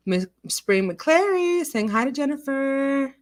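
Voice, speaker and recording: A woman whose voice sits on the high side speaks a little slowly while hosting a casual live stream. She chats away, animated and quick to laugh, answering viewers and talking back to chat.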